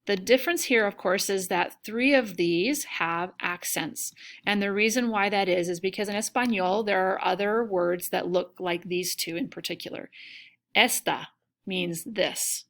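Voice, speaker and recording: A woman's voice: medium pitch, a little slow. A woman teaching a recorded lesson, explaining step by step and checking in with "okay?". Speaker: Spanish teacher.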